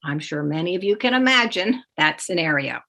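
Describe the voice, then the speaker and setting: A woman explains parenting strategies in a calm, measured teaching voice. She walks through each step clearly and acts out example phrases a parent might say to a child. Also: fairly low pitch. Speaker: parenting coach. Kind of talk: instructional talk with demonstrations.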